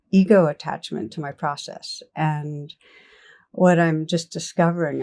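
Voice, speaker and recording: An older woman giving a reflective meditation talk, gently telling stories and laughing softly. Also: sits low. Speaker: meditation teacher. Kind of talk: dharma talk.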